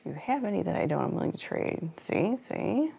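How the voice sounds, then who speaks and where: A woman's voice: fairly low pitch, wildly swooping pitch, fairly quick, creaky, mellow, breathy edge. A woman hosting a live painting stream, chatting casually with viewers, laughing often and greeting chat while she works. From Florida.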